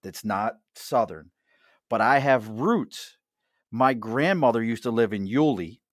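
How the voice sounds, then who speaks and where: A man's voice: medium pitch, a little slow, no room sound, clean studio sound. Joking Mid-Atlantic man hosting. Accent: Mid-Atlantic American. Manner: jokey, chatty, laughs often. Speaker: host. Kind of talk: casual chat at a bar.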